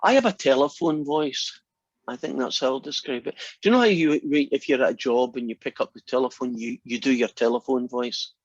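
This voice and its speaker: A man's voice: mid-range voice, a little fast, no room sound, muffled recording. A Scottish man giving a math lecture in a classroom, chatty and often restarting his sentences. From Scotland.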